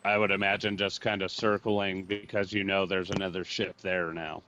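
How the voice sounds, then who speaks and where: A man acting as game master, making relaxed, matter-of-fact rulings in a tabletop game. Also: deep voice, moderate pace, slight background noise. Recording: dull lo-fi sound.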